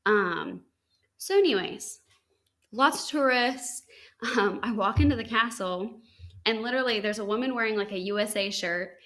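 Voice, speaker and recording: A young woman from the United States, a podcast host, casually telling a story with lots of "like" and "um" and bright, high-pitched quoted lines. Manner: chatty, animated quotes with high-pitched acted lines, frequent likes and ums.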